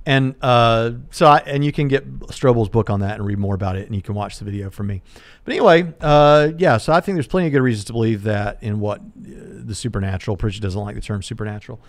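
A man in his forties hosting a livestream debate discussion, talking quickly with many fillers and restarts. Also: mid-range voice, expressive, no echo. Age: 40s. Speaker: host.

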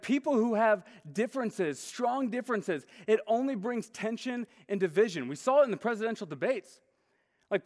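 A man preaching a sermon in a casual, conversational way, often saying "like". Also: sits high. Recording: long hall reverb.

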